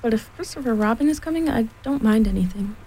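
A small, timid piglet frets earnestly in a soft, mellow voice, as a woman reads him aloud. It is a gentle storybook reading with faint rain behind. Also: a little high, animated, fast talker, slight background noise, natural voice, low-quality recording. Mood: anxious. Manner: anxious, earnest.

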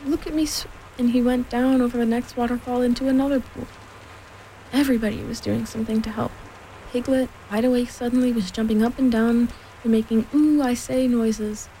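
A woman narrating a storybook aloud in a gentle, measured way. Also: fairly high pitch, flat delivery, slight background noise, rough recording. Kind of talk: storybook reading.

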